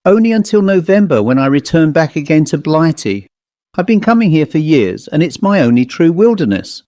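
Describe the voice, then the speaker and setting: A man voicing a jovial, eccentric elderly English gentleman who speaks in a genteel, old-fashioned, chatty way with an English accent. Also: a little high, big pitch swings, moderate pace, no room sound, pitched above the performer's own voice. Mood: genial.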